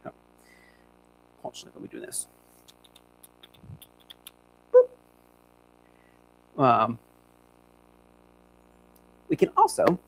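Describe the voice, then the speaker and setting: A man's voice: mid-range voice, creaky, fairly bright tone, poor audio. Upbeat, chatty man training his dogs. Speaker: dog trainer. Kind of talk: live-streamed dog training demo. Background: faint hum.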